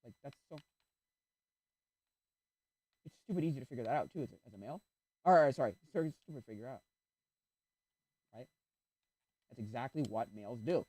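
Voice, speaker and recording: Animated rambling male game streamer. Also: medium pitch, a little fast, long pauses, slightly rough, no echo. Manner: rambling, animated, interrupts himself to react to the game. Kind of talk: casual chat while playing.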